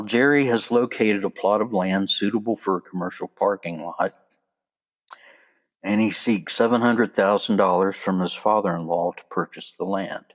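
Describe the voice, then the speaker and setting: A man hosting his own podcast, talking casually with chatty asides and a loose, conversational flow. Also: deep voice. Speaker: podcast host. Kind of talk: casual solo podcast talk.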